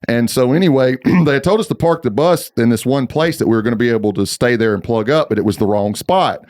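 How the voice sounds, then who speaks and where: A man in a band in casual chat, calmly laying out the background to a story. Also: mid-range voice, fast talker. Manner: steady, explains context. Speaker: band member.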